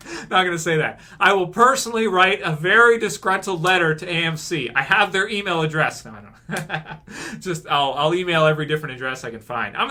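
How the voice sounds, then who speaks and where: A man ranting in a vlog, repeating his points and firing off rhetorical questions. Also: high-pitched. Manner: animated, repetitive, rhetorical questions. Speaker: vlogger.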